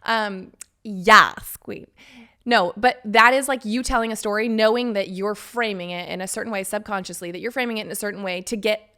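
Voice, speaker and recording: A woman's voice: mid-range voice, fairly even intonation, fast talker, few pauses, a bit bright. A woman in her thirties hosting a solo podcast, talking candidly and casually with the odd swear word. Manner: candid, chatty, swears casually, acts out quoted friends. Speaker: podcast host.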